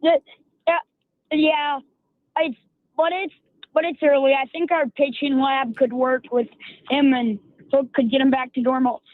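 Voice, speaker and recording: A man calling into a sports radio show, talking in halting, stop-start sentences over a phone line. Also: very high-pitched, flat delivery, no room sound. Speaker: caller.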